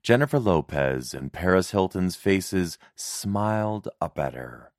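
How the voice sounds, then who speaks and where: Deep-voiced, slow horror narrator man. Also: no room sound, clean studio sound. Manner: slow, measured, even. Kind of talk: scripted horror story narration.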